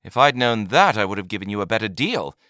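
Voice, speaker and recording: A sharp-witted space trader in a storybook, his voice lifted high and bright, as a male narrator puts him on. The lines come lively and animated. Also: quick pace, dry recording, studio quality. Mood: surprised.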